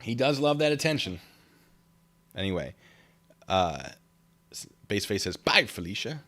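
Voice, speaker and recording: A man with a lowish, very animated voice hosts a casual livestream at a measured pace, reading viewers' comments aloud with plenty of fillers and laughter.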